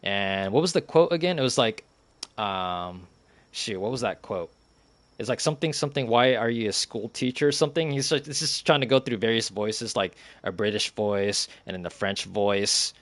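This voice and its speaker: A man's voice: lowish voice, normal speed, fairly bright tone, no echo. A young man streaming a game and chatting casually, rambling with lots of fillers, restarts and giggles.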